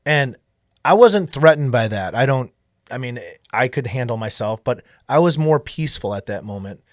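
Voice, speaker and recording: A man who makes documentaries, telling a story in an earnest, animated way in casual conversation. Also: medium pitch, normal speed, no echo, clean studio sound. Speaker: documentary filmmaker.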